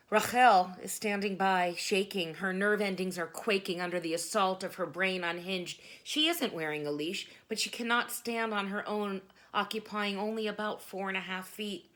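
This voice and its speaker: A woman performing spoken word poetry in a dramatic, emphatic way. Her voice sits at an ordinary pitch for a woman, and she breaks into sudden loud bursts between quieter reflective phrases.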